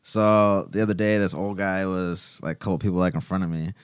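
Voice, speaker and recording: Low-voiced man telling a profane story. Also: brisk, clean tone, no room sound. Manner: profane, animated, acts out people he quotes. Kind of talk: casual storytelling chat.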